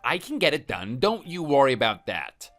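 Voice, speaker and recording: A man's voice: medium pitch, wildly swooping pitch, normal speed, fairly bright tone, faint music behind. A synthetic male voice reading a hot-tempered, threatening husband in a text-message story, defensive and contemptuous. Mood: scornful.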